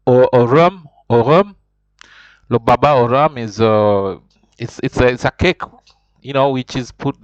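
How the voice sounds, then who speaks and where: A male French teacher talks learners through examples patiently, often stopping to rephrase. The recording is dull and lo-fi, with a dry, close sound and no room echo. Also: medium pitch. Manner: patient, repetitive explaining, stops to rephrase. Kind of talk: informal online lesson.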